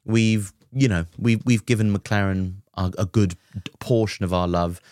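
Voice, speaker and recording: Low-voiced guy cohosting, wry deadpan quips, dry close sound. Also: measured pace, no echo. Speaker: podcast co-host. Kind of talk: casual chat.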